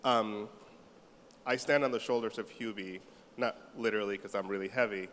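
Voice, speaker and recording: Relaxed man speaking at a panel, deepish. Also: normal speed. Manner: relaxed, self-deprecating, many fillers. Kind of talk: panel remarks. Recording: hall reverb, faint noise.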